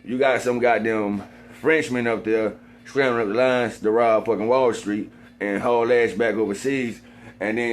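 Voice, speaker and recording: A man in a rambling monologue, swearing constantly and repeating himself, sometimes getting heated and loud. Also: fairly low pitch, a little hiss or hum. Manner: gets heated and loud at times.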